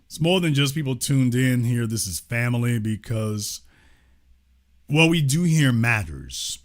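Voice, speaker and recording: A man hosting a live-stream talk show, making casual, mocking commentary with animated asides. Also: mid-range voice, measured pace. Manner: animated, mocking, slips into mimicked voices.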